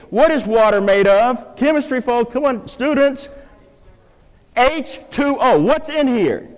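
With an extremely high-pitched voice, a male pastor leads a live church congregation through an interactive sermon built on object lessons. He quizzes the listeners with playful questions, and the recording has a big-room sound.

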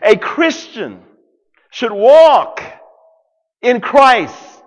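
A man preaching a sermon to a congregation, dramatic, swinging from loud declarations to hushed near-whispers. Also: very high-pitched, very animated, very slow, big-room sound. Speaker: pastor.

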